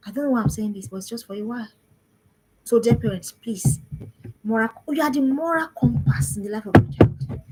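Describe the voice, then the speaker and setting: A woman's voice: medium pitch, lively intonation, brisk, long pauses, a little mellow, husky, poor audio. A woman, a parenting coach giving an emphatic talk to parents and repeating phrases for stress.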